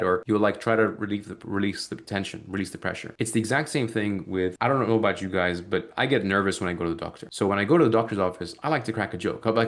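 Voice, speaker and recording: A man with a fairly low voice teaches a sales team on a video call. He talks quickly and briskly. He keeps slipping into the lines of both client and closer. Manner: brisk, acts out both sides of sales calls. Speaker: sales coach. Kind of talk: live sales training call.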